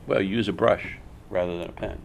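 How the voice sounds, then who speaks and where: A man's voice: deep voice, fairly even intonation, brisk, gravelly, a little hiss or hum. An older man giving a live art workshop, an emphatic storyteller who repeats words as he talks. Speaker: comic art teacher. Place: school room with audience.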